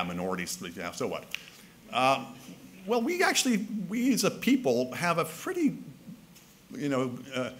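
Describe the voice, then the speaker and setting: Wry Canadian man giving a lively speech. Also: mid-range voice, a little hiss or hum. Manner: wry, conversational lecturing with frequent restarts. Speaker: keynote speaker. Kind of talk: public speech. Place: conference hall.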